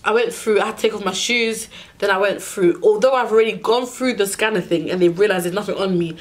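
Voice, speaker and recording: A young woman telling a storytime rant to her vlog audience, exasperated and animated, acting out the people she argued with. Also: mid-range voice, quick pace. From United Kingdom. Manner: exasperated, animated retelling with acted-out dialogue. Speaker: vlogger.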